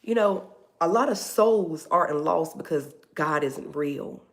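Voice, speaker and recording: A woman's voice: low-pitched, lively intonation, a little slow. A woman hosting a faith talk livestream, preaching casually and animatedly, calling her listeners "baby".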